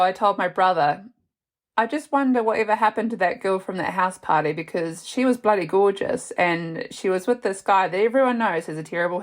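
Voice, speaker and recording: Chatty woman telling a story. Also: mid-range voice. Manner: chatty, laughs often, animated retelling. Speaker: podcast host. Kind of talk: casual storytelling monologue.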